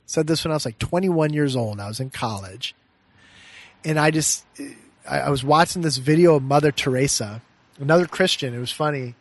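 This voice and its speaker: A middle-aged man, a meditation teacher, telling a personal story in an earnest, reflective way and often laughing softly mid-sentence. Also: on the high side, fairly quick, no echo. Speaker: meditation teacher and podcast guest. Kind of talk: heartfelt personal storytelling in conversation.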